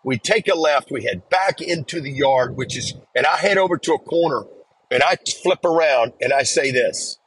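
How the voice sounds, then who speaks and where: A middle-aged man hosting a podcast, telling a story in a reflective, measured way and acting out the lines he quotes. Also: a little high, animated, fairly bright tone, slight background noise, rough recording. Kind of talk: casual storytelling.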